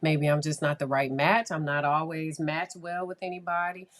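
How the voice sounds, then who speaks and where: A woman's voice: low-pitched, fairly even intonation, normal speed. A woman psychologist telling a casual, rambling story, with many fillers and acted-out quotes. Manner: conversational, rambling, with frequent fillers and quoted dialogue. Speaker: child psychologist.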